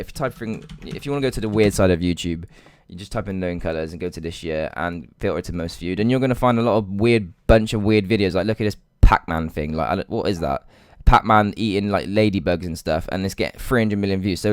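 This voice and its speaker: A man's voice: low voice, darkish tone, no echo, studio quality. A young man walking viewers through a screen-share tutorial in a chatty, hyped way, often saying "guys" and "right?". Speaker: online money-making tutor. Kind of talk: casual screen-share walkthrough.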